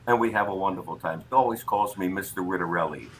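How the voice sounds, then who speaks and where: An older man, a guest entertainer, telling lively stories in a casual interview chat. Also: low-pitched, quick pace, slight background noise, rough recording. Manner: lively storyteller, acts out voices in anecdotes.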